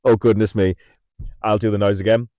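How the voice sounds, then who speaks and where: This livestream host from England sits in a parked car chatting casually, spinning a meandering tale full of laughter and repetition. He's middle-aged, with a lowish, mellow voice, a level tone and a fairly quick pace, recorded on an in-car mic with slight background noise.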